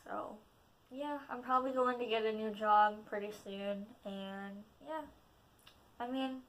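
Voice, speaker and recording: Brief: teen girl vlogger, slightly high voice, rambling and self-deprecating, filler-heavy storytime. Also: fairly even intonation, measured pace, a bit bright. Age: teens. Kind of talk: casual storytime vlog.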